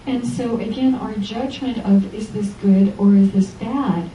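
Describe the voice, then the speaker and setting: Woman preacher type doing a sunday talk, really dark mellow voice, mic's far off so it's roomy and echoey, animated storyteller. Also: medium pitch, unhurried, slight background noise. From Los Angeles. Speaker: spiritual teacher giving a Sunday lecture. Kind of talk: inspirational church lecture. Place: church hall. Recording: echoey church hall from far off.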